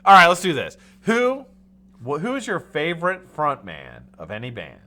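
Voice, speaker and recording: A man's voice: on the high side, wildly swooping pitch, moderate pace, sharp tone, a little hiss or hum. A man in his forties from the United States hosting a casual live stream, joking, swearing and reading viewers' chat names aloud. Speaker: livestream host.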